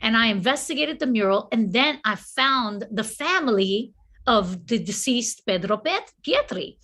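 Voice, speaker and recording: Woman, fairly high, bright tense voice, lively storyteller, video call chat. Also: unhurried. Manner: animated storyteller acting out quotes. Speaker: actor and filmmaker. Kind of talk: casual online conversation.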